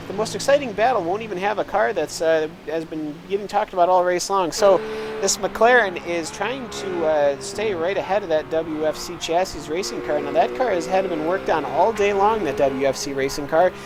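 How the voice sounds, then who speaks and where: A man's voice: high voice, moderate pace. A man giving live sim racing analysis on a headset mic, rambling with lots of uhs. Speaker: race commentator. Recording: noisy broadcast audio.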